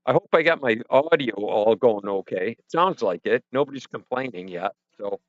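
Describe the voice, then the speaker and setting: A man's voice: medium pitch, animated, moderate pace, no echo. A man hosting a casual livestream from a home studio, rambling and joking with his chat and talking to himself as he fiddles with his settings. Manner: rambling, self-deprecating, talks to chat and himself. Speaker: livestream host. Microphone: headset or desk mic with headphones. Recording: dull, muffled stream audio.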